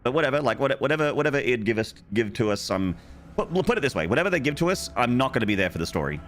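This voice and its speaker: A man's voice: mid-range voice, big pitch swings, rapid-fire, a bit bright. A young man streaming a game, chatting casually and joking with his viewers in a rambling way. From Australia. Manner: rambling, joking, talks to chat. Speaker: gaming streamer. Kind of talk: casual live-stream chat.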